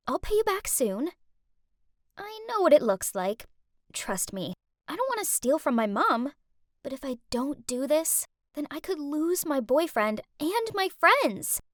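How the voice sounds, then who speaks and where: A young woman narrating an animated story in the first person, in an expressive, dramatic, teenage-sounding way. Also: high-pitched, no room sound, studio quality.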